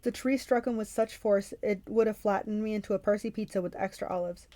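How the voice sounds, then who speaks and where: A woman reading a novel aloud for a book club, in steady first-person narration. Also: medium pitch, brisk, no echo.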